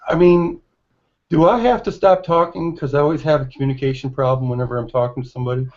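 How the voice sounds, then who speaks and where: A man who is losing his voice, talking in a halting way with many fillers and restarts in a casual online group discussion. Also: fairly high pitch, fairly even intonation, a little mellow. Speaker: regular hangout participant. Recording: dull lo-fi call audio.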